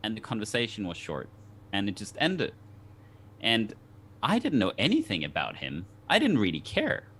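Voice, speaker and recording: Guy from denmark, kinda low voice, sharing his story slow and earnest, lots of "like". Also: wildly swooping pitch, a bit bright, a little hiss or hum. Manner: earnest, reflective, many restarts and "like". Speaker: guest. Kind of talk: candid personal storytelling.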